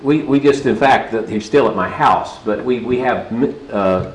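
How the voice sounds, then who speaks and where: Man, middle-aged, sermon, storytelling, medium pitch, roomy echo. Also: unhurried. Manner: conversational storytelling preaching with frequent restarts. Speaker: preacher.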